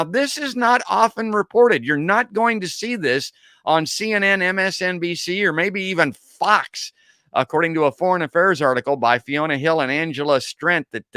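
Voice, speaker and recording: Animated man hosting a talk podcast. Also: fairly high pitch, no room sound, clean studio sound. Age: 60s. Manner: animated, sarcastic asides. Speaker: podcast host. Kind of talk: casual talk-show commentary.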